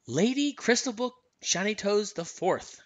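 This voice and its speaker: A man's voice: sits high, expressive, unhurried, voice pushed up. A man reading a storybook aloud, voicing a cheerful, playful young princess with bouncy enthusiasm.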